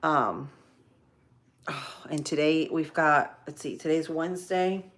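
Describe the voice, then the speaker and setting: A woman's voice: deep voice, slow. A tired middle-aged woman chatting casually with live viewers while she cooks, folksy, full of ums and y'alls. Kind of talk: casual live-stream chat while cooking.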